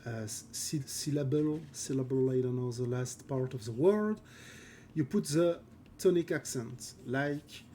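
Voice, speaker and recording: Slow, mellow French-accented man. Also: mid-range voice, slight background noise. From France. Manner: halting, searches for words, often laughs. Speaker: concept artist streaming live. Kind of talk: casual chat while drawing on stream.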